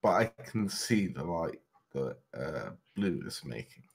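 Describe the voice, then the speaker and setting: A man playing a tabletop game, describing his character's actions in an unhurried way. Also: rumbling low, big pitch swings, creaky, husky. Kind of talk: casual game chat.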